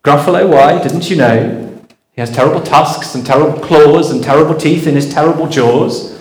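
A man's voice: on the high side, normal speed, echoey room, lightly acted, low-quality recording. A man doing a cheeky little mouse. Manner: cheeky, boastful. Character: small clever male mouse, cheeky and bold.

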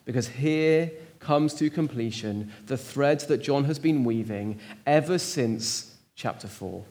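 A man's voice: mid-range voice, slow pace, a little mellow. A man preaching a sermon in church, stressing words with strong rises and drops. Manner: emphatic, rising and falling for stress.

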